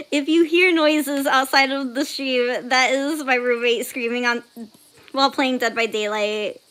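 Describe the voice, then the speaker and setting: A young woman with a high, unhurried voice hosts a casual art stream and reads viewers' messages aloud. Her tone is bright and light, and she breaks into laughter and squeals easily. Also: fairly even intonation. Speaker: art livestream host. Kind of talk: casual livestream chat while drawing.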